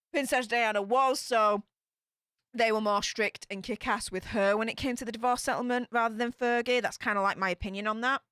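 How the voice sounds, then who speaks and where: A woman's voice: medium pitch, a bit bright, clear, resonant tone, no room sound, clean studio sound. A young woman, chatting bubbly and rambling as she reads out super chats on her livestream. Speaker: YouTube host.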